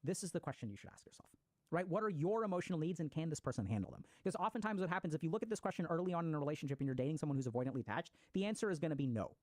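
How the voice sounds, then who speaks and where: A man, a psychiatrist, lecturing casually and at a brisk, rapid clip. His voice sounds dry and close, with no room echo. He talks in a chatty way, swears now and then, and drops gaming slang. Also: a little high, animated, a little mellow. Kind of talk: casual lecture to an online audience.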